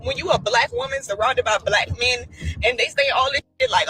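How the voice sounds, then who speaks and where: Fast, high, bright-voiced woman venting. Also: lively intonation, slightly rough. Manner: upset, venting, exasperated. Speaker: social media poster. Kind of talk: emotional vlog rant.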